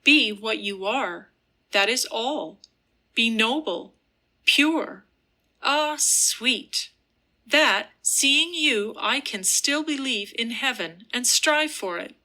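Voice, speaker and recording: A woman doing an intense repentant young man, earnest, impassioned, slow delivery. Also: a little high, animated, pushed and bright, heavily acted. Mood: adoring.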